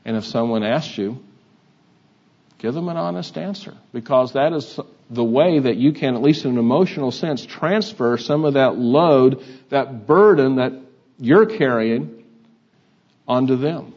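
An older man preaching a sermon, in a halting, conversational way with many fillers. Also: mid-range voice, animated, darkish tone. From Texas. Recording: dull lo-fi sound.

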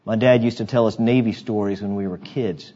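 A man's voice: on the low side, steady tone, a little fast, mellow, lo-fi sound. A male pastor preaching a sermon in an emphatic, conversational way, with asides to his congregation.

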